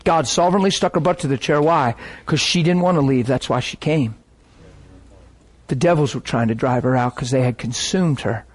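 A man preaching with animated storytelling, acting out the voices of people in his stories. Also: medium pitch, normal speed. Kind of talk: sermon storytelling.

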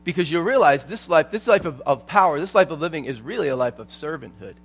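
High-voiced man preaching a sermon. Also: quick pace, husky. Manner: storytelling, animated, repeats phrases. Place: church conference hall.

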